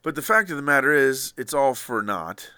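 A man's voice: normal speed, clear, resonant tone, dry recording, studio quality. A man hosting a podcast in casual banter, joking in a playful, mock-aggrieved way. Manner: playful, mock-aggrieved, lively pitch swings. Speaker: podcast host.

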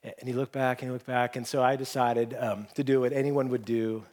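A man preaching a sermon in a conversational, self-deprecating way, acting out quoted lines in hushed voices. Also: mid-range voice, little pitch movement, brisk. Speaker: pastor. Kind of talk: sermon with personal stories.

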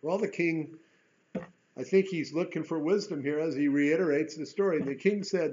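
A man's voice: on the high side, normal speed, dark tone, lo-fi sound. A man teaching through a Bible chapter in a conversational way. He reads scripture aloud and breaks off into folksy asides and rhetorical questions.

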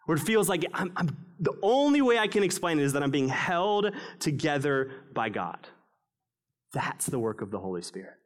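Man, pastor, sermon, expressive, raised emphasis then hushed lows, slightly high pitch. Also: normal speed. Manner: expressive, swinging between raised emphasis and hushed low passages.

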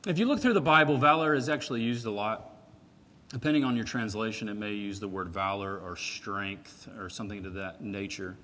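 A man preaching a sermon in a conversational, animated way, swinging from loud emphatic peaks to quiet asides. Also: fairly low pitch, normal speed. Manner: animated, conversational, with frequent "right?" and "like".

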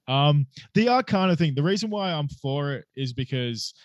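A man's voice: a little high, animated, unhurried, no echo, lo-fi sound. A young Australian man hosting a casual podcast chat, talking loosely, swearing and laughing often. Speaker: podcast host.

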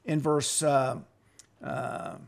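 A man's voice: on the high side, level tone, gravelly. Thoughtful man in Bible discussion. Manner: thoughtful, measured, lists verse references.

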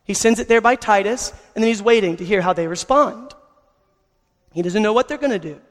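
An earnest man preaching a sermon, telling stories to his congregation. His voice sits high for a man. A long hall reverb trails every phrase. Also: a little fast. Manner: earnest, storytelling. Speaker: pastor.

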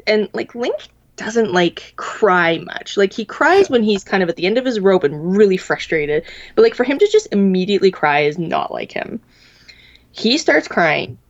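A woman's voice: medium pitch, sing-song, normal speed. A woman in her thirties telling a long story in a casual podcast chat, rambling with lots of fillers. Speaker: podcast co-host. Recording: dull lo-fi sound.

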